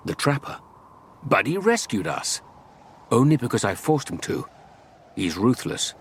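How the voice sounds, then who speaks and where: A man voicing a weakened young man who speaks in a grim, measured way. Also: mid-range voice, wildly swooping pitch, a little hiss or hum, voice pushed up.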